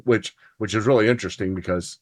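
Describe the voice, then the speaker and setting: Speaking fast in a lowish voice, a man hosts a podcast where he and his spouse discuss theology. The chat is casual and earnest, partly read from notes, and he drives toward emphatic points.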